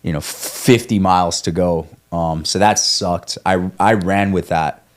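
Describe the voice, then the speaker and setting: Young man, low voice, rambling, swears freely, restarts sentences, candid podcast chat. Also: steady tone, unhurried. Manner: rambling, profane, self-coaching, frequent restarts. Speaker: guest, ultramarathon runner. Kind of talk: candid conversational podcast talk.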